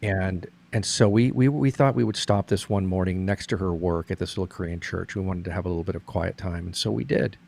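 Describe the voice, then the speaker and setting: A man's voice: low-pitched, fairly quick, creaky, hardly any pauses, darkish tone. A middle-aged man in casual conversation, earnestly explaining a point with many restarts.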